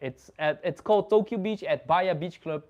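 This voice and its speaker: A man's voice: sits high, normal speed, dull audio. A young man from the Netherlands, hosting a casual chat and telling stories in a loose, swearing, laughing way. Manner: animated, swearing, laughing storyteller. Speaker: host.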